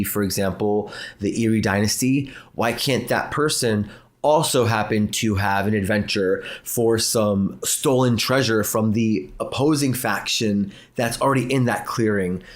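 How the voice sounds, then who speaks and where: Low-voiced, enthusiastic male game master. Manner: enthusiastic, animated explaining. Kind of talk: casual livestream chat.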